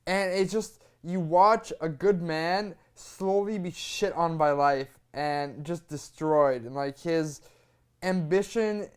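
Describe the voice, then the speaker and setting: Earnest guy rambling about films, smooth clear voice, clip-on mic. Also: on the high side. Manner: earnest, rambling with many "like" fillers. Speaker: movie review co-host. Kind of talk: casual chat. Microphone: lapel mic.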